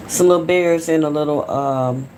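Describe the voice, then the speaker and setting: A woman with an Atlanta Southern accent rambles casually to her live chat, speaking in a fairly low voice through her phone at home. Her talk is loose and chatty, and faint background noise sits under it. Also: moderate pace, a little mellow. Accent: Southern American (Atlanta). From Atlanta, Georgia, USA. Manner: rambling, chatty, talks straight to viewers. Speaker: livestreamer.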